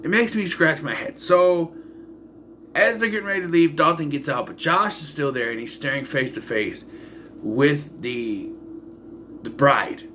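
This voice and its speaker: With slight background noise behind him, a man with a slightly high, sharp-toned voice speaks unhurriedly. He's a movie reviewer loosely retelling a horror film's plot in a rambling, casual way, full of asides and fillers, and making dry, exasperated remarks about its holes.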